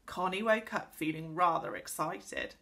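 A woman teacher reading a children's book aloud to pupils in an expressive storytelling voice. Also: lowish voice, a little slow. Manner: speaks directly to pupils.

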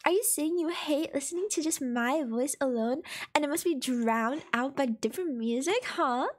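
A woman's voice: high-pitched, moderate pace. A woman with a stuffy, congested nose, chatting casually and playfully with her live-stream audience, giggling and teasing. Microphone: desk microphone.

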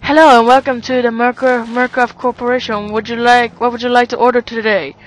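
A man's voice: very high-pitched, little pitch movement, fairly quick, fairly bright tone, low-quality recording. A man putting on a chirpy male corporate clerk taking an order, in a mock-polite service tone.

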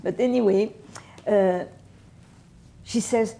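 A woman in her eighties with a French and Catalan accent, a native Catalan speaker, recalling her wartime childhood for an interviewer in unhurried, halting English. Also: mid-range voice, gravelly, warm tone. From France. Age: 80s. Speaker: veteran oral history interviewee. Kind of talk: personal war memories told to an interviewer.

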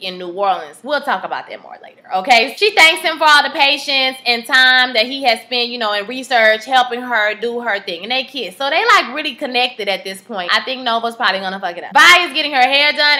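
Sassy lady chatting her show recap, high and bright. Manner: chatty, sassy, talks to viewers directly. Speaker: TV recap vlogger. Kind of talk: casual chat.

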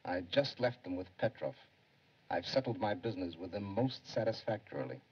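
A scheming conspirator, quiet and self-satisfied. His voice is low and husky and sounds set back from the mic. The sound is dull and lo-fi. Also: animated, fairly quick. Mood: smug. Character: smooth, scheming male conspirator. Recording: distant, dull 1930s film soundtrack.

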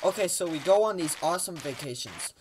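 A woman's voice: on the low side, lively intonation, brisk, noisy background. A woman giving casual, rambling let's-play commentary, joking at her own expense as she plays. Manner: rambling, self-mocking and jokey. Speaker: gaming video host.

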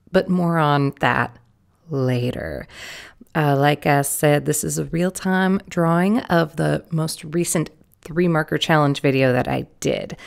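A young woman with a low, slightly hoarse voice and plenty of vocal fry talks through a drawing session. She rambles casually, tossing in playful jokes and asides. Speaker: art vlogger. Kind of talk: casual commentary while drawing.

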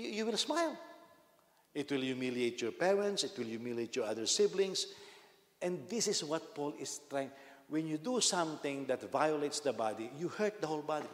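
A man preaching a sermon as senior pastor, telling stories with lively bursts and frequent restarts and repeated words. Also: on the high side. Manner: animated storytelling, frequent repetitions and restarts. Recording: echoey hall with long reverb.

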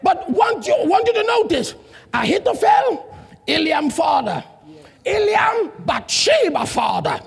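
A man preaching a sermon as pastor, calling out questions to the congregation with a shouting call-and-response manner and non-native grammar, recorded in a large church hall. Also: extremely high pitch, very animated, measured pace, vocal fry. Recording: long hall reverb, congregation faint.

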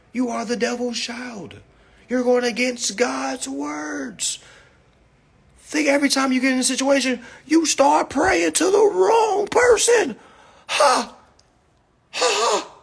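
A drunk man rants in a high, husky voice. He preaches and swears, and he keeps pressing his point with "all right?" between lines. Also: a little slow. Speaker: consumer finance commentator. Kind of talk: ranting monologue.

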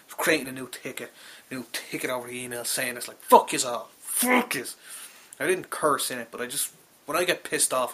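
A man's voice: medium pitch, bright, forceful tone. Exasperated, profane Irish storyteller man. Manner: exasperated, profane, rambling storytelling with many restarts. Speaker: call centre worker telling a story. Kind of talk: casual spoken anecdote.

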